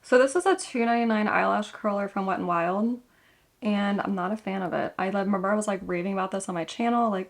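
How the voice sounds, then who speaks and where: Chatty young woman with gravelly fry. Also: mid-range voice, quick pace. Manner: chatty, rambling, self-correcting. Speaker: makeup vlogger. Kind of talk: casual tutorial chat.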